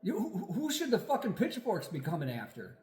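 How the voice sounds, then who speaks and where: A man's voice: high voice, huge pitch swings, a little fast, darkish tone, roomy sound. A man co-hosting a casual podcast chat, ranting angrily with lots of profanity. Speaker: podcast co-host.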